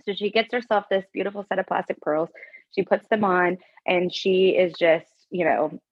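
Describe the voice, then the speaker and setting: A woman guest tells a story with earnest, animated energy and stumbles through frequent restarts. Her voice is a bit husky. The recording is dry and slightly dull. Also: lowish voice, moderate pace, no echo. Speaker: podcast guest. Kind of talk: conversational storytelling.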